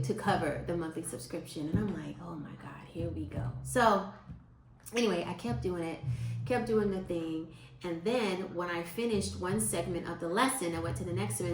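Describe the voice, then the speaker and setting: A woman's voice: on the low side, noisy background. Chatty woman in her fifties, roomy sound. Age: 50s. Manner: chatty and expressive, quotes people in lively voices. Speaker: vlogger. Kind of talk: casual storytelling to viewers.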